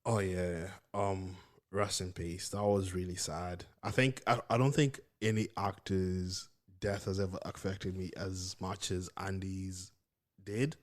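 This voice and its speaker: A podcast co-host speaking quietly in a low-key way during a casual chat. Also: steady tone, a little slow.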